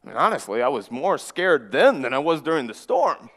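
A man preaching a dramatic first-person story, earnest, often dropping to a hush and repeating words as he goes. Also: on the high side, sing-song, fairly quick, in a large hall. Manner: earnest, with frequent restarts and dramatic hushes.

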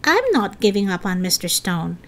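A woman's voice: mid-range voice, sing-song, normal speed. A woman voicing a determined, outspoken schoolgirl who speaks insistently.

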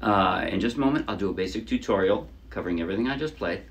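A man teaching a ukulele song in a casual, chatty way, often trailing off softly and poking fun at himself. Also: lowish voice, expressive, fast talker, slight background noise. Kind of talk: casual tutorial explanation. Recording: loud ukulele playing under the voice. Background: ukulele strumming.

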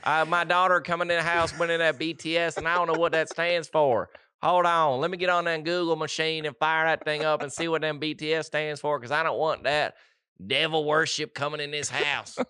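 A man voicing a suspicious middle-aged Southern dad with a Southern US accent, loud and drawling, in a dry recording. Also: a little high, little pitch movement, a little fast, clean tone, no echo, voice pushed up.

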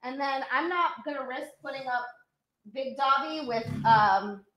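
A young woman hosts a casual live-stream chat from home, her high voice moving a little slowly through dull-sounding audio. She's chatty and excitable, breaking into squeals and thanking viewers by name.

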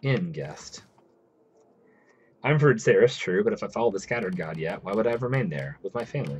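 A man's voice: on the low side, expressive, moderate pace, a little mellow, slight background noise. A man chatting casually while streaming a game, reading its text aloud as he plays. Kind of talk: casual live game commentary.

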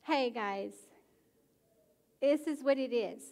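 A woman pastor preaching a sermon, animated and emphatic, often pushing her questions to the congregation. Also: high voice, takes it slowly. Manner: animated, rising to emphatic exhortation. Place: church sanctuary.

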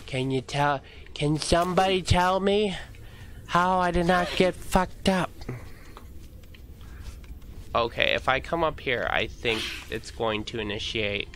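A man's voice: a little high, expressive, slow pace, long pauses, a bit bright, a little hiss or hum. A young man streaming a video game live, joking, exclaiming and talking to his chat. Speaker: gaming streamer.

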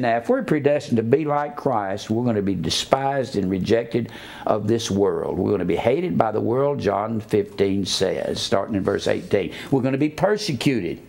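A man preaching a sermon, spelling out words letter by letter and swinging between low asides and raised emphatic preaching. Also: expressive, normal speed, creaky, darkish tone.

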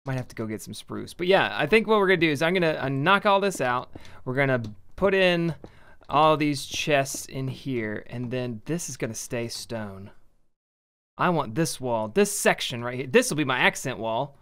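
Young male game host, casual and rambling, pokes fun at himself, average pitch. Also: animated, moderate pace, fairly bright tone, clean tone. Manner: chatty, self-mocking, thinking aloud. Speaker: gaming video host. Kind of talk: casual let's-play commentary.

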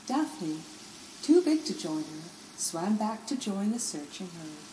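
A woman narrating a children's storybook in a gentle, expressive way. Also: mid-range voice, slow pace, echoey room, slight background noise, poor audio. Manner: gentle, expressive, lingering on words.

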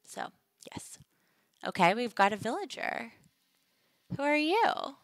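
A woman's voice: fairly high pitch, very animated, unhurried, dry recording. A young adult woman hosting a casual game livestream, chatting playfully and joking with her viewers. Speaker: livestream host.

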